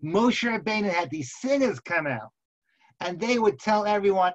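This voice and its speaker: A man, a rabbi, giving a Torah lecture in which he tells the story lively and acts out the characters. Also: high-pitched, normal speed. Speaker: rabbi teaching seminary students. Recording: slightly muffled recording.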